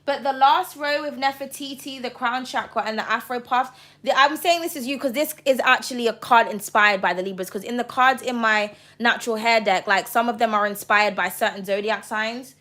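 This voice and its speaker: A high-voiced woman runs a tarot reading to camera. She talks with passion and no sugarcoating, swearing freely as she lays out the cards. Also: a little fast, few pauses, pushed and bright. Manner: passionate, blunt and profane. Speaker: tarot reader.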